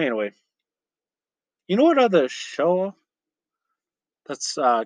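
Rambling on his own casual podcast, a man curses without restraint and laughs a lot. He has a mid-range, slightly bright voice, captured dry and rough on a phone mic.

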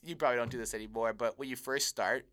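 A man's voice: mid-range voice, steady tone, fast talker, a bit bright. A young man co-hosting a podcast, telling rambling stories in casual chat and laughing often. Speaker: podcast co-host.

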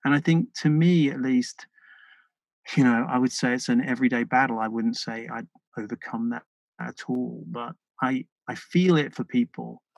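A British man speaking as a podcast guest, earnest and thoughtful, often pausing and restarting his sentences. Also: mid-range voice, creaky, no room sound, highs cut off. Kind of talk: reflective interview conversation.

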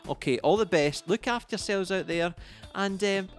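A man's voice: high-pitched, normal speed, faint music behind. Chatty man hosting a podcast. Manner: chatty, jokey sign-off. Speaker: podcast host. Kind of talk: casual podcast chat.

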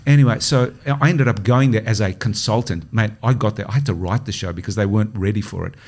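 A man's voice: lowish voice, fast talker. Chatty Australian man telling stories. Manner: animated anecdote-telling, lots of restarts and acted-out quotes. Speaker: podcast guest, comedy writer and producer. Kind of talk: casual storytelling chat.

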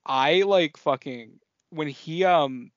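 A man co-hosting a casual film podcast, excitable, swearing often and trailing off mid-sentence. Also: a little high, slow pace, no echo. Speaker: podcast co-host. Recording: dull lo-fi podcast audio.

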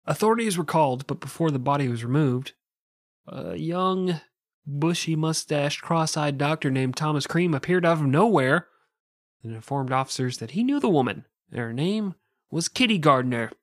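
Dude telling a true crime story on a podcast, kinda high voice, dry close sound, swears a lot and laughs. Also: male voice, expressive, normal speed, no echo. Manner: profane, joking, laughs often. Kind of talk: casual storytelling with jokes.

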